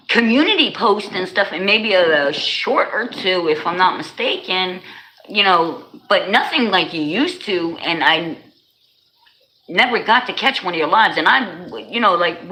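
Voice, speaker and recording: Bright-voiced woman streamer. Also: fairly low pitch, measured pace, rough recording. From New Jersey. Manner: animated, slangy, talks straight to chat. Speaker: livestreamer. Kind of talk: casual livestream chat with viewers.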